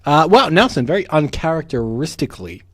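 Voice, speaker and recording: A man in his young adult years co-hosting a casual podcast. His voice sits fairly high and swings up and down a lot as he jokes and teases, often breaking into laughter. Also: big pitch swings, brisk, a bit bright. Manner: jokey, teasing, bursts into laughter. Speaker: podcast co-host. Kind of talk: casual chat.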